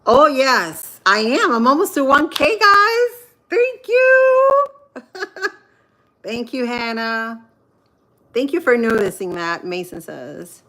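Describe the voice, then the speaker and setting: A woman in her thirties from Central Florida, chatting casually with viewers on a livestream while she cooks, with pauses and fillers as she thinks aloud. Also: fairly high pitch, animated, pushed and bright. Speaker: livestream host. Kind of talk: casual live-stream chat while cooking.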